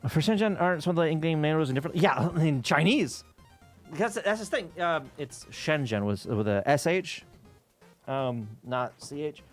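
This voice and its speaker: A man's voice: on the high side, animated, moderate pace, soft background music. A man live-streaming while reverse engineering game code, chatting casually and rambling, with frequent swearing, laughter and restarts.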